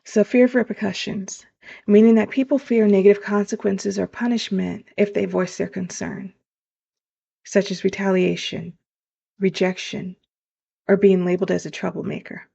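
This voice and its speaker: A woman's voice: mid-range voice, level tone, normal speed, vocal fry, mellow, husky. A woman hosting a motivational podcast as a life coach, talking earnestly and straight to her listeners. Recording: dull lo-fi sound.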